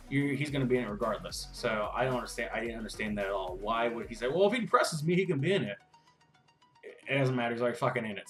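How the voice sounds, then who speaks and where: A man's voice: fairly low pitch, a bit bright. A man giving a casual, profane, rambling recap rant as a wrestling vlogger, with frustrated asides.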